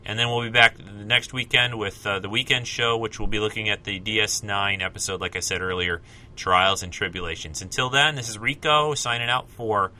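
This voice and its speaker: A man's voice: fairly low pitch, a little fast, bright, forceful tone. A man hosting a solo podcast, talking casually and rambling with self-corrections and asides. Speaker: podcast host.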